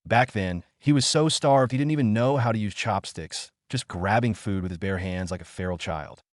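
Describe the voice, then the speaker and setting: Guy narrating a dramatic story recap, lowish voice, dry sound, all hyped up. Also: normal speed, no room sound.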